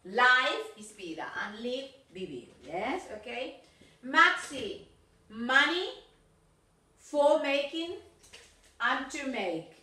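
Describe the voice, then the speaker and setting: A woman's voice: high voice, sing-song, drawn-out words, pauses often, pushed and bright. A woman with an Argentine Spanish accent teaching an English class, switching between Spanish and English as she corrects pronunciation. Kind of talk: recorded video class. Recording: roomy, from a distance.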